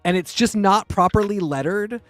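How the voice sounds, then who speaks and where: A man co-hosting a comic book podcast, talking in an earnest, animated way and quick to jump in. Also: sits high, no echo, faint music behind. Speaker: podcast co-host. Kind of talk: casual comic book chat.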